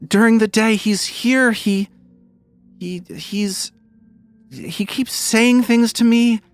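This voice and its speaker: A man voicing a frantic, possessed young girl who stammers through shrill, broken outbursts. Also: slow, faint music behind.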